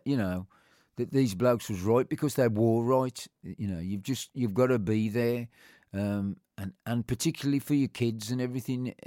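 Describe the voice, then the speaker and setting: A man's voice: fairly low pitch, darkish tone, no echo. Man reminiscing, dry close sound. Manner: rambling, heartfelt storytelling with frequent restarts. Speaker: interviewee. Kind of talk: personal reminiscence.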